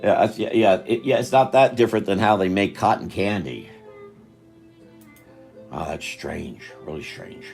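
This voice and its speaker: A tired older man with a deep, gravelly voice talks his way through a live drawing stream. He rambles, loses his thread and restarts his sentences, while faint music plays behind him. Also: lively intonation, moderate pace, pauses often, a little mellow. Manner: meandering, self-interrupting, chatty.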